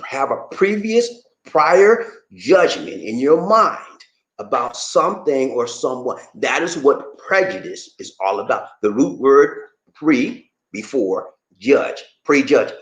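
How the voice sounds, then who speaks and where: A man hosting his own show, explaining things to viewers casually in an animated, playful way and teasing the audience. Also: mid-range voice, takes it slowly. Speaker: host. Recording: echoey room.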